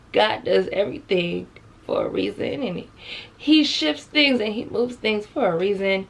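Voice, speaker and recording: A woman's voice: mid-range voice, vocal fry. A woman vlogging to her viewers in a chatty, heartfelt way, calling them y'all and holding back tears. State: close to tears. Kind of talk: heartfelt casual vlog talk.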